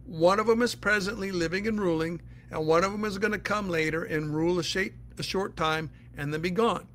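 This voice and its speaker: A man's voice: high voice, a little fast, a bit bright, slight background noise. A man teaching the Bible in a casual, earnest way, answering listener questions and explaining step by step.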